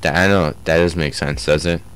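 A man's voice: a bass voice, fairly even intonation, a little fast, background noise. A young man commenting on a horror game as he plays, joking and taunting the enemies on screen. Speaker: gameplay commentator. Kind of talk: let's play commentary.

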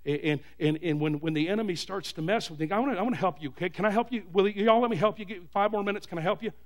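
A male pastor preaching a sermon, calling on the congregation for amens and rising to shouts. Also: high-pitched, fast. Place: church.

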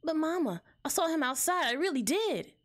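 A woman's voice: lively intonation, moderate pace. A woman voicing a frightened little boy rabbit in a game, pleading in a raised, childlike voice. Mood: scared. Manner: high, pleading, scared. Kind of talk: game voice-acting.

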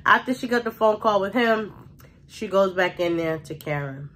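A woman vlogger recapping a TV episode in a casual, gossipy way, full of "like" and quick laughs. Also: medium pitch, lively intonation, fairly bright tone. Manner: chatty, gossipy retelling with frequent "like" and laughter.

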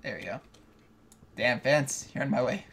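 A man's voice: medium pitch, moderate pace, fairly bright tone, a little hiss or hum. A man hosting a co-op gameplay video, chatting casually and laughing often. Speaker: let's play host.

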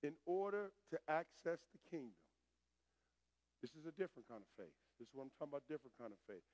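A man preaching a sermon as pastor, swinging between hushed lines and shouted calls to the congregation. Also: fairly high pitch, sing-song, fast talker, dry recording. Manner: call-and-response preaching, rising to shouts.

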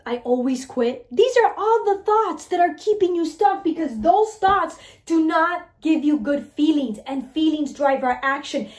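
A woman coaching her listeners on mindset, talking in an animated way and asking "right?" again and again. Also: very high-pitched, measured pace, hardly any pauses, echoey room. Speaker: mindset and weight-loss coach. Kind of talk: motivational talk to listeners.

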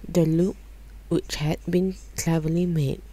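A woman reading a children's book aloud in calm, measured narration. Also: low voice, low-quality recording. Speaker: storyteller.

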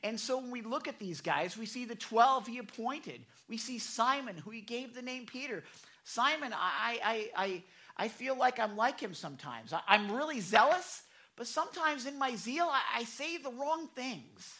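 A male pastor preaching with a bright, forward voice. He stammers and repeats words as he tells stories, slipping into quick casual impressions of the people he describes. It sounds like a live church sermon. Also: very high voice. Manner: stammering, animated storytelling with voiced paraphrases. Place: church sanctuary.

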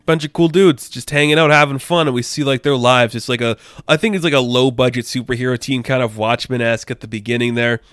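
A man's voice: medium pitch, fairly even intonation, fast, hardly any pauses, a bit bright, clean tone, no echo, clean studio sound. A young man giving a casual comic book review, rambling and enthusiastic with lots of filler words.

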